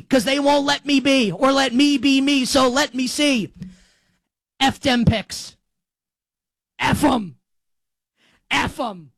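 A man delivering an excitable, rambling sports monologue as show host, breaking into shouts. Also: very high-pitched, no echo, poor audio. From New York.

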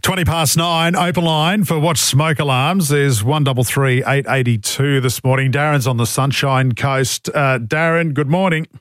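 A man's voice: medium pitch, fairly even intonation, normal speed, hardly any pauses, a bit bright, dry recording. An Australian man hosting talkback radio, blunt and exasperated as he takes calls and reads out texts. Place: radio studio. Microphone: studio microphone.

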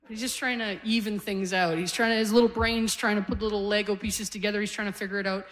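A woman in her forties from Canada, performing stand-up in a comedy club. She talks in a chatty, self-deprecating way and laughs through her own punchlines. Her voice sits at a middling pitch. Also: steady tone, moderate pace, long pauses. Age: 40s.

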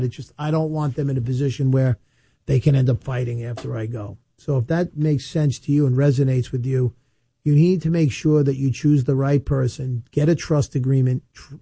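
A man, an estate planning attorney giving casual, chatty advice with storytelling asides and emphatic slowed-down points. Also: medium pitch, warm tone, slightly rough, no echo, clean studio sound. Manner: emphatic, slows down to stress points. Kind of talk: casual advice monologue to camera.

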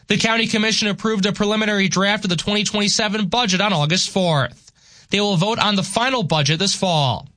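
A man reading a scripted radio newscast as the news anchor, in a crisp, even delivery into a studio microphone. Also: high-pitched, no echo.

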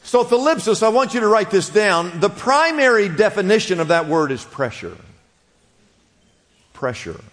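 A man's voice: high voice, lively intonation, normal speed, few pauses, fairly bright tone, long reverb tail. A man preaching a sermon, explaining a word in a conversational teaching manner and prompting the congregation to repeat after him. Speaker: pastor.

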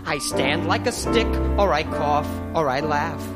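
A man's voice: fairly high pitch, lively intonation, a little slow. A man playing Charlie Brown, a gloomy, insecure young boy, in a stage musical, mournful and self-deprecating. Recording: cast recording over loud music.

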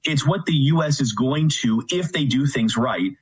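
A man, a play-by-play commentator appearing as a guest, breaking down the game in a measured way. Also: mid-range voice, animated, breathy edge, low-quality recording. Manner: measured, analytical. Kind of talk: analytical sports talk.

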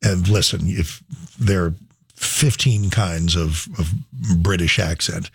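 A man hosting a talk show, rambling and halting with many restarts. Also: deep voice, vocal fry, breathy edge. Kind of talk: casual radio talk.

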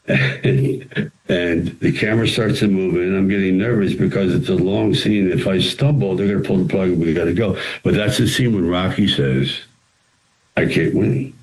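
A very low-pitched older man recounts stories as an interview guest. He talks with animation and acts out the quoted lines himself. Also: moderate pace, rough recording. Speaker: interview guest, actor and writer. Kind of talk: storytelling interview answers.

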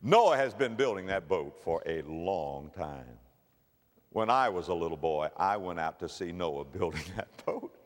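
A man doing a hushed, tender father. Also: low-pitched, animated, a little slow, in a large hall, pitched below the performer's own voice. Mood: tender confiding. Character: gentle scoffing father speaking softly to his son.

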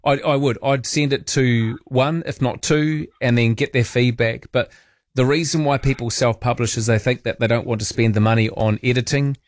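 A man's voice: medium pitch, steady tone, normal speed, no room sound. A man with a mid-range voice hosts talk radio from a studio. He is chatty and blunt and gives his opinions freely, recorded close and dry. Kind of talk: talkback radio hosting.

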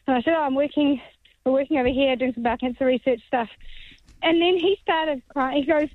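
A woman's voice: high-pitched, steady tone, fast, no echo. A woman calling into a radio show, telling a chatty story over the phone. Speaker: caller. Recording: tinny phone line.

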